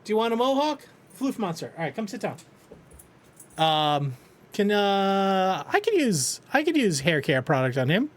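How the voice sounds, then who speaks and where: A man's voice: high-pitched, very animated, measured pace. A man streaming live, chatting casually, joking, swearing and talking to his dog. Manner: playful, swears a lot, talks to his dog.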